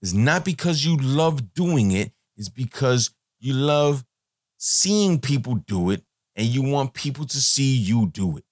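A man's voice: mid-range voice, animated, measured pace, dry recording, clean studio sound. A man hosting a podcast, giving a blunt, profane, rambling monologue with many fillers. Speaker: podcast host.

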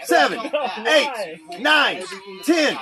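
A man's voice: very high-pitched, very animated, drawn-out words, music in the background. A man joking, swearing and counting out drinking contests with friends at an outdoor festival. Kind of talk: rowdy party banter. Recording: loud crowd chatter throughout.

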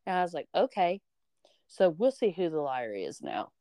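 A young woman hosting a podcast shares a high school story in a casual storytelling chat, full of lively energy, swearing freely and putting on voices for the people she quotes. Her low-leaning voice is smooth and clear at a normal speed, captured dry and close to the mic.

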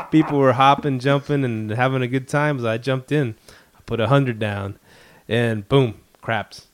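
A man's voice: mid-range voice, expressive, takes it slowly, pauses often. A man co-hosting a podcast, chatting casually and telling a story with frequent laughs. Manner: laid-back storyteller, laughs often. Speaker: podcast co-host. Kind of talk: casual chat.

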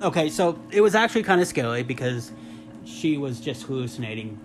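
A man telling a funny story in casual chat, animated and mimicking other voices with high squeals. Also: fairly quick, faint music behind. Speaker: podcast guest, husband.

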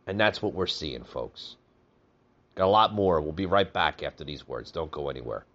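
A man's voice: extremely low pitch, lively intonation, moderate pace, a bit bright, muffled recording. A man hosting a political podcast in a casual, conversational way, often calling his listeners folks. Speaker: podcast host.

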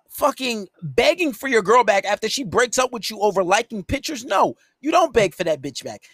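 High-voiced man on a profane rant. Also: fairly bright tone, no echo, studio quality. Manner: profane, scolding and emphatic. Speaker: podcast host and dating coach. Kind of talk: solo podcast rant.

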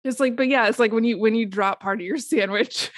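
A woman's voice: on the high side, brisk, no room sound, clean studio sound. A woman co-hosting a casual podcast, wry and profane, laughing often. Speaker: podcast co-host.

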